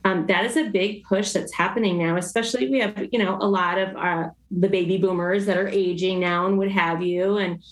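A woman's voice: medium pitch, fairly even intonation, fairly quick, hardly any pauses. A woman in her fifties speaks as a guest on a design podcast. She sounds agreeable and easygoing and uses lots of fillers. Her voice carries a roomy echo. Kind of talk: casual interview chat.

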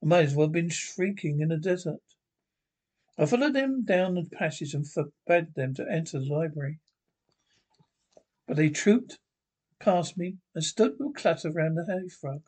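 A man's voice: a little high, animated, normal speed, long pauses, a little mellow. A man reading a short story aloud in a dramatic first-person storytelling manner. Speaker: reader.

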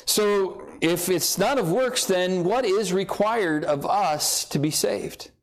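A man's voice: high-pitched, takes it slowly. A man preaching a conversational sermon as pastor, joking and acting out imagined dialogue between believers.

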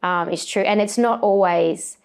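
A woman's voice: mid-range voice, a little slow, vocal fry, clean tone. A woman, a sports presenter, chatting as an interview guest with lots of fillers and restarts. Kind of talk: casual interview chat.

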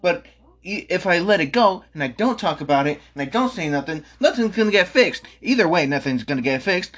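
A man's voice: sits high, expressive, fairly quick, fairly bright tone. A young man at home venting angrily in a rambling monologue, repeating himself and swearing. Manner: exasperated, repetitive, swearing. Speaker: vlogger.

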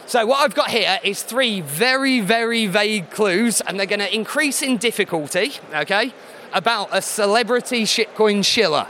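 A man hosting a live quiz show in a deadpan, sarcastic way, slightly hoarse as he loses his voice. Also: high-pitched, moderate pace, a little hiss or hum. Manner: deadpan sarcasm, teasing the audience.

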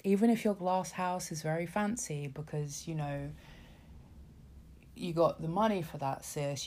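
A woman's voice: low voice, darkish tone. Sarcastic, sweary woman ranting. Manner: sarcastic, sweary, exasperated, lots of fillers and asides. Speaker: vlogger. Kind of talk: casual political rant.

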